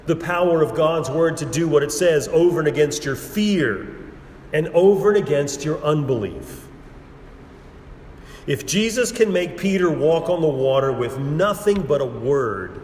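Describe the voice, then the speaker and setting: Male preacher, slow and weighty sermon delivery, emphatic repetition, recorded in an echoey sanctuary. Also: mid-range voice, a little mellow. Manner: measured, emphatic preaching with repetition and dramatic pauses. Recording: roomy hall with long reverb and faint background noise.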